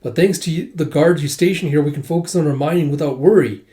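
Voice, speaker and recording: A man voicing an excited, grateful village man in a manga read-aloud. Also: on the high side, quick pace, close to an everyday voice. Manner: loud and eager.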